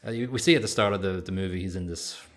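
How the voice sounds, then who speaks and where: Deep-voiced man chatting casually. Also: racing. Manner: rambling, hesitant, many fillers. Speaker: podcast co-host. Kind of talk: casual chat.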